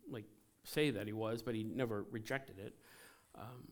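A man's voice: mid-range voice, measured pace. A man, a pastor, preaching a conversational and earnest sermon with light self-deprecating laughs.

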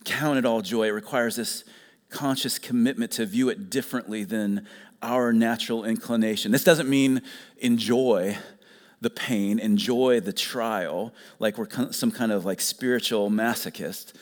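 A man's voice: on the low side, fairly even intonation, a little slow, big-room sound. A man preaching a sermon as pastor, earnest and emphatic, stressing the key phrases again and again.

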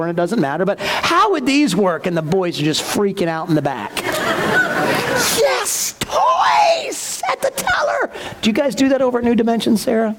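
A man preaching a sermon, telling a story in an animated way and acting out the voices of the people in it. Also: sits high, background noise. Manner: animated, acts out voices in stories. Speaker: pastor.

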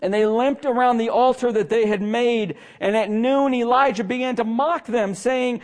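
A man preaching a sermon as pastor, with dramatic swings between loud emphasis and hushed asides and a sarcastic streak. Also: extremely high pitch, steady tone, normal speed, hardly any pauses. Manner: sarcastic humor.

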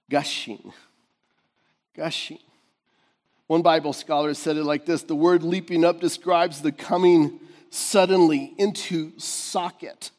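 A man preaching a sermon, animated, laughing often and swinging from shouts to hushed tones. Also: fairly high pitch. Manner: laughs often between points. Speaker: pastor.

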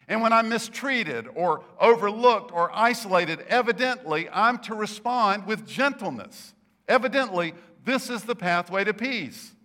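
A man's voice: high voice, animated, a little slow, bright, forceful tone. A man preaching a sermon, telling stories and stressing points with emphatic rises. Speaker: pastor.

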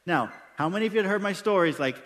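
A pastor delivers an emphatic sermon, throwing rhetorical questions at his congregation. His voice sits high for a man. The sound carries the long reverb of a church hall. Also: expressive, quick pace, a bit bright. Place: church sanctuary during a service.

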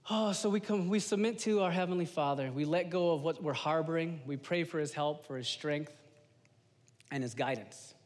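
A man in his thirties preaches in a loose, animated, slangy way, often talking straight to his congregation. His voice sits fairly high for a man. It carries a long reverb from a church hall. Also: moderate pace. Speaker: lay preacher giving a testimony. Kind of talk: informal sermon.

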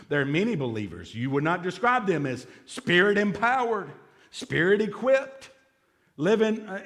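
A man preaching a sermon in a church, speaking in a notably high voice. He keeps the tone loose and conversational, dropping playful jokes between his points. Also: fairly bright tone. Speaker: pastor.

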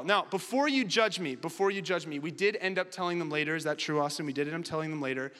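A man's voice: a little high, fast, a bit bright, big-room sound. A man preaching a sermon and telling a funny story with lots of animation. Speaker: pastor.

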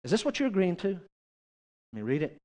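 A man's voice: sits high, sing-song, fast, a little mellow, big-room sound. A male pastor preaching a sermon, chatty and direct, often turning to the congregation with questions.

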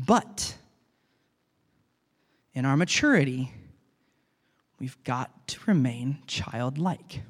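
A man who is a pastor, preaching a sermon in an earnest, conversational way and talking to the congregation as guys. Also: extremely high pitch. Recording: long reverb of a large hall.

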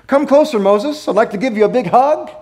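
A man's voice: a little fast, a little mellow. A preacher putting on the voice of an overly cuddly, gushing male God inside a sermon. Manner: gushing, syrupy high voice.

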